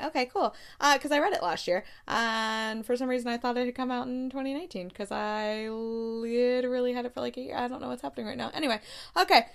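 A woman's voice: a little high, fairly bright tone. A woman chatting casually about books, laughing and reacting in disbelief as she reads blurbs aloud. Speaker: book vlogger. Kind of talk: casual book review chat.

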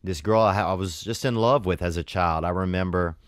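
A man calmly telling stories and giving advice in a matter-of-fact way. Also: low voice, a little fast, no room sound. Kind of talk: casual storytelling and advice.

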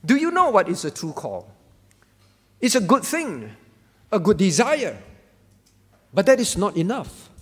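A man's voice: high voice, wildly swooping pitch, a little slow, long pauses, breathy edge, in a large hall. A man preaching a sermon as pastor, emphatic and repetitive, asking the congregation questions. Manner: emphatic, repeats key phrases, asks the congregation questions.

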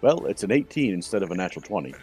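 A man playing a tabletop game, declaring his character's moves with hesitant pauses and fillers. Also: low voice, very animated, mellow, breathy edge, faint music behind. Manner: hesitant, many fillers while deciding moves. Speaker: player.

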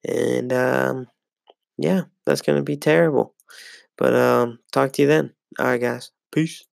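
A young man with a gravelly, creaky voice talks through a casual solo sports podcast. He rambles, swears freely and fills gaps with "like" and "um". The sound is dry and close, with little room echo. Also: medium pitch, steady tone, unhurried. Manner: rambling and profane, with frequent fillers. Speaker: podcast host.

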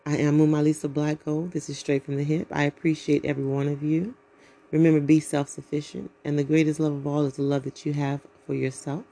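A woman's voice: deep voice, flat delivery, fairly quick, dark tone. Outspoken, profane woman podcast host. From United States. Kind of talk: blunt solo podcast monologue.

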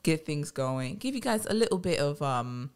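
Podcast co-host, mid pitch, rambling and profane, casual. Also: moderate pace, clean tone. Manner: rambling, animated, swears freely.

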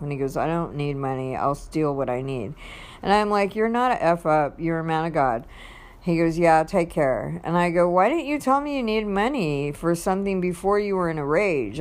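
A woman with a notably low voice tells a personal story in a casual, rambling way. She reads out text messages one after another, with plenty of ums and restarts along the way. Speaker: vlogger.

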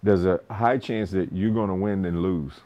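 A man's voice: sits low, moderate pace, lo-fi sound. A man coaching boxing, chatting casually about his students, swearing freely and laughing often. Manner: animated, laughs often, acts out other people's lines; swears freely, loose restarts. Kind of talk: casual storytelling podcast talk.

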